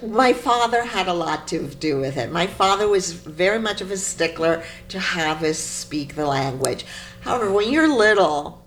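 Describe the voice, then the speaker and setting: A woman poet being interviewed, telling stories in an animated, emphatic way. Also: on the low side, moderate pace. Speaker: poet guest. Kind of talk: interview conversation.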